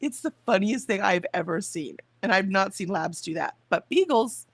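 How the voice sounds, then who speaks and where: A woman's voice: mid-range voice, lively intonation, normal speed, no room sound. Chatty woman streaming casually. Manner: chatty, rambling, talks to chat and her dog. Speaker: livestream host. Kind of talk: casual livestream chat.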